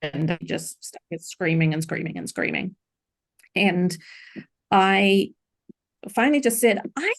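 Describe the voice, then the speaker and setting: Middle-aged woman, podcast guest, earnest and reflective, lowish pitch with some vocal fry. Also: big pitch swings, takes it slowly, long pauses. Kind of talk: personal story in a podcast interview.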